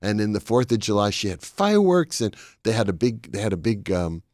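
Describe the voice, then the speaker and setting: An older man with a Boston accent and a lowish, darkish voice, a comedian and author, tells meandering comic stories as a talk-show guest, speaking a little fast. The casual chat shows anecdotal storytelling and sharp comic timing, captured in a dry, clean studio recording.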